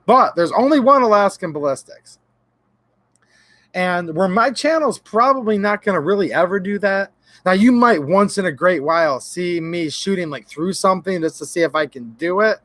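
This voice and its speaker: A man's voice: sits high, expressive, normal speed, fairly bright tone, dry recording. A man hosting a casual livestream, rambling and joking as he chats with viewers and reads out their names. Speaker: gun channel livestream host.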